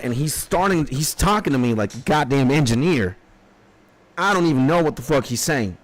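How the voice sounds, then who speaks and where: A man's voice: mid-range voice, lively intonation, moderate pace, no room sound. A man on a stream, telling a rambling, profane anecdote with bursts of laughter in casual storytelling.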